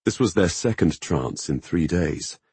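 Brief: male audiobook narrator, deepest of voices, dry close sound, steady. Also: measured pace, slightly rough, no echo. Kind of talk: scripted fantasy narration.

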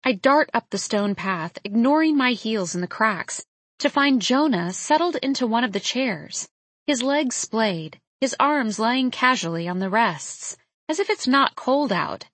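A woman's voice: medium pitch, animated, a bit bright, dry recording. Woman narrating a novel, close and dry. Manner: reflective, intimate, measured. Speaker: audiobook narrator. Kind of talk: first-person novel narration.

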